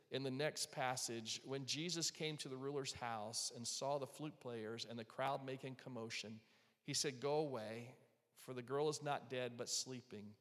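Man preaching in a reverberant hall. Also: medium pitch. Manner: earnest preaching, softening to a hush for quoted words of comfort. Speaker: pastor. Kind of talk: sermon. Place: church hall with live and online audience.

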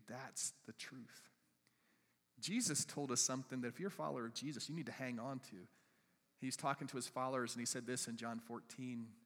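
A male pastor preaching a sermon, swinging between loud emphatic bursts and hushed, soft passages. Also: medium pitch. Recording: reverberant church hall.

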